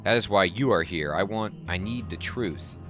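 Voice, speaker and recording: A worn-out, grieving brother from a video game, as a man reads him aloud speaks in halting, emotional bursts. The voice sits deep, yet it has a bright, forceful edge. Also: faint music behind. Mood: bitter. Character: grieving, exhausted, tipsy man seeking truth about his brother.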